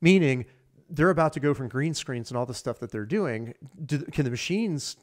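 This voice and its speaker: A man's voice: medium pitch, animated, normal speed. A man in his fifties, a podcast guest, telling his career story in a rambling, casual way with many fillers and restarts.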